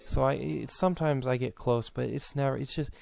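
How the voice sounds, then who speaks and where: A man's voice: medium pitch, fairly quick, gravelly, darkish tone, soft background music. A young man hosting a let's play, rambling and reminiscing through his commentary with lots of fillers, a bit out of breath.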